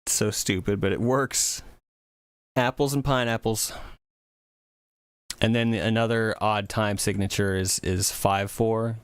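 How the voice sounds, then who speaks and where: A man's voice: on the low side, fairly even intonation, measured pace, pauses often, clear, resonant tone, no echo. A man chatting casually on a music livestream, rambling and thinking aloud with many fillers. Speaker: music streamer.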